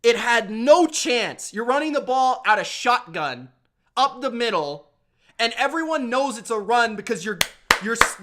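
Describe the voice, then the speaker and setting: A young man ranting in an animated, exasperated way while recapping football games. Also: very high voice. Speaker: sports commentator.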